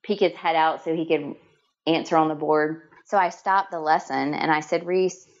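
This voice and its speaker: A woman's voice: low voice, fairly even intonation, moderate pace, muffled recording. A middle-aged woman telling heartfelt stories in conversation, earnest and emotional, with many restarts and fillers. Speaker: guest. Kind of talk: storytelling in conversation.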